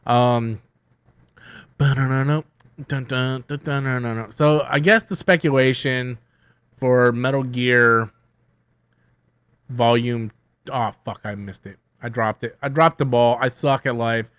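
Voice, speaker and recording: A man hosting a casual livestream, rambling loosely with lots of swearing and self-mockery, swinging between loud bursts and mumbled asides. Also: mid-range voice, dry recording. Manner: loose, profane, self-mocking, riffs and hums to himself. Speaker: YouTube host answering viewer questions.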